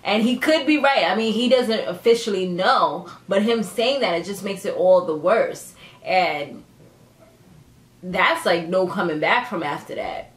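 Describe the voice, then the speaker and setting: A woman casually recapping a TV episode for her channel in a sassy, animated way, often laughing as she talks. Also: measured pace. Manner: animated, sassy, dramatic pitch jumps; laughs often while talking. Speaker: TV recap vlogger. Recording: echoey room.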